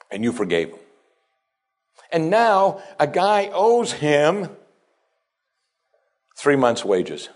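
A pastor preaching a sermon, dropping to quiet asides and then rising to strong, emphatic lines. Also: male voice, fairly high pitch, huge pitch swings, extremely slow, long pauses. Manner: preaching with wide swings between hushed asides and raised, emphatic lines.

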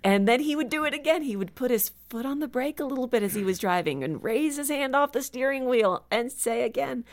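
A woman guest on a Christian radio talk show, speaking earnestly and animatedly about reading scripture slowly. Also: high-pitched, lively intonation. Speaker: guest author. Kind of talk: casual radio conversation.

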